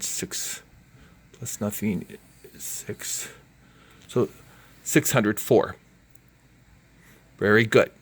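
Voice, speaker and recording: A man's voice: medium pitch, a bit bright. Encouraging male teacher, casual lesson. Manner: casual, encouraging, thinks aloud. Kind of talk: home learning video lesson.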